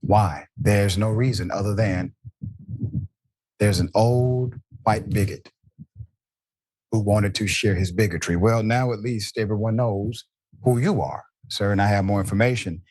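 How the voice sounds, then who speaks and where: A man's voice: on the low side, measured pace, darkish tone, no room sound. A man hosting a news commentary show, speaking in a pointed, indignant way and addressing the people in the clips directly. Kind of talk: opinion commentary.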